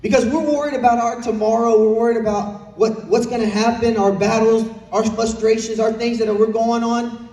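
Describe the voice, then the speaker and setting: High-voiced preacher in an echoey church. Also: male voice, fairly even intonation, normal speed, darkish tone. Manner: earnest preaching with repeated phrases and questions to the congregation. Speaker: pastor. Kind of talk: sermon. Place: church sanctuary. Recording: echoey church hall from far off.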